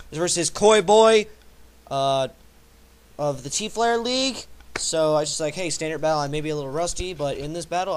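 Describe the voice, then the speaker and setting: A young man giving excitable, slangy commentary over a recorded game battle, yelping his reactions. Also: a little high, clear, resonant tone. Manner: excitable, yelps reactions and swears. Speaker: gaming channel host. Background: faint metal music.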